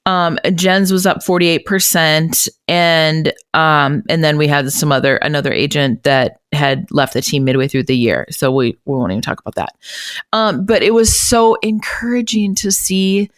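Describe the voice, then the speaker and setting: A woman's voice: low voice, moderate pace, no room sound, clean studio sound. A woman co-hosting a podcast in casual chat, emotional and tearful, swearing freely, recorded over a remote call. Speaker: podcast co-host and realtor.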